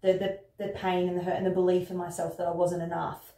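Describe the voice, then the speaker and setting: A woman speaks in a low, even voice with little rise and fall, reflecting candidly and dotting her speech with fillers. Her tone is dark and soft. She is recorded from a distance in an echoey room. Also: quick pace, gravelly. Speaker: wellness retreat worker. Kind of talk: conversational interview.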